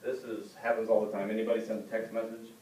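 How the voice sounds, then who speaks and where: Filmed from a camera at the back of a roomy, echoey classroom with faint ambience and a bit of hiss or hum, a male student gives a casual speech. His dark, mellow voice keeps a level tone and moves fast, but leaps up in pitch whenever he acts out someone he's quoting.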